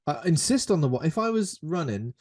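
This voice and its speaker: A British man co-hosting a podcast, chatting casually about a film and acting out characters in quick jokey bits. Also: on the high side, big pitch swings, darkish tone. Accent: British English. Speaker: podcast co-host.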